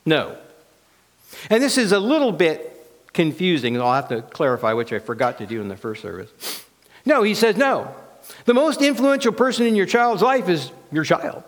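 Male pastor preaching, earnest, kinda high voice, big echoey church. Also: sing-song, moderate pace. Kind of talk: sermon.

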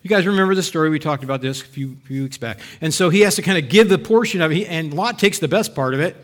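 Animated man preaching a sermon. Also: on the high side, quick pace. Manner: animated, voices the doubts of biblical figures, rhetorical questions to listeners. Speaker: pastor.

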